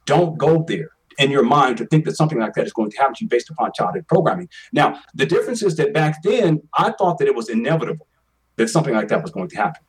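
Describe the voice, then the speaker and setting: A man's voice: mid-range voice, big pitch swings, fast talker, breathy edge, far from the mic, rough recording. A man in his forties telling a personal story as an interview guest, earnest and emphatic, often repeating his words. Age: 40s.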